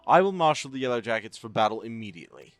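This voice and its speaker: A man's voice: mid-range voice, lively intonation, fast, dry recording, soft background music, natural voice. A man voicing a stern, formal male naval commodore in a fantasy game, reading dialogue aloud.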